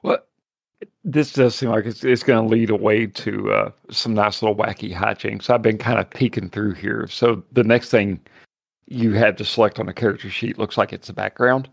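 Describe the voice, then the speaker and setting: Gravelly-voiced man hosting casual chat. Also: lowish voice, steady tone, normal speed, no room sound, clean studio sound. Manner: friendly, rambling.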